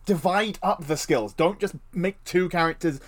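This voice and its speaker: A man's voice: high voice, moderate pace. A man co-hosting a podcast, chatting casually and opinionatedly, swearing now and then. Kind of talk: casual chat.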